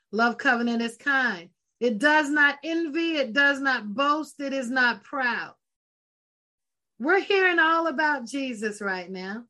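A woman preaching a sermon in a high, bright voice, fervent and emphatic. She talks slowly and deliberately, leaning on repeated phrases and exclamations.

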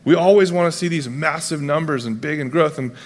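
Pastor guy giving a chatty sermon, slightly high voice, big echoey church hall, slips into character voices for the bible folks. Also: a little hiss or hum. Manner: casual and conversational, acts out biblical figures in quick voices. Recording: long hall reverb.

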